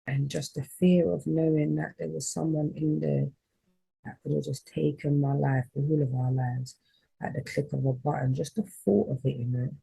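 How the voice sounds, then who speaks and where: Husky gravel-voiced woman. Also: low-pitched, steady tone, normal speed, mellow, low-quality recording. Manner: rambling, heartfelt, with fillers. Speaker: spiritual reader and healer. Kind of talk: emotional personal storytelling vlog.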